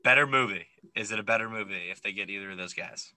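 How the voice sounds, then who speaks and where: A man co-hosting a movie podcast, talking in a very bright, forward voice. The sound is close and dry with no room around it. He is opinionated and animated, with plenty of ums and likes. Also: on the low side, quick pace, dry recording, rough recording. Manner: opinionated, animated, lots of fillers. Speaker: podcast co-host. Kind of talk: casual movie recap chat.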